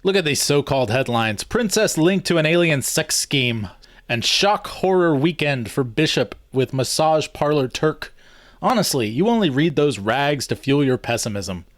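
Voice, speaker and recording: A man's voice: on the high side, expressive, moderate pace, no room sound, lightly acted. A man reading aloud and voicing a bored young man who answers with dry, sarcastic dismissal. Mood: dismissive. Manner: dry, sarcastic, mock-astonished.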